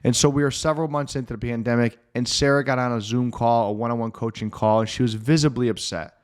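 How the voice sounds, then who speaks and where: Speaking in a clear, resonant, steady mid-range voice, a middle-aged mental performance coach relates a client's story on his own podcast. The monologue is earnest and motivational, with emphatic, slowly stressed phrases.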